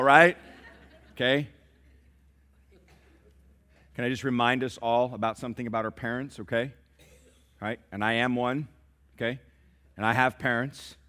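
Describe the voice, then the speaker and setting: Preaching as pastor, this man tells stories and calls out to his congregation for responses. His voice sits at medium pitch and sounds pushed and bright.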